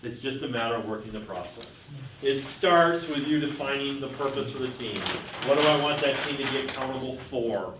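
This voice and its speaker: A man tells business stories at a workshop and keeps asking his listeners questions. He speaks at a middle pitch. He sounds set back from the mic in a roomy hall with a faint hum behind him. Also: brisk, distant mic. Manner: tells anecdotes and asks the audience questions. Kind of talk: workshop talk with told stories. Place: room with a live audience.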